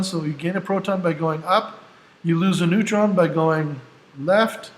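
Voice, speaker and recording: A male teacher giving a casual classroom lecture, explaining step by step and often checking in with "right?". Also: on the high side. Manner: casual, self-deprecating asides. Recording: echoey room, faint background noise.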